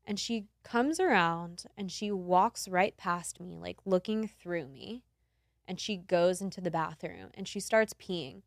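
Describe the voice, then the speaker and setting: A woman in her twenties, a podcast host, telling a story in casual chat, animated and laughing, acting out the quotes. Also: lowish voice, measured pace, gravelly, no room sound, clean studio sound.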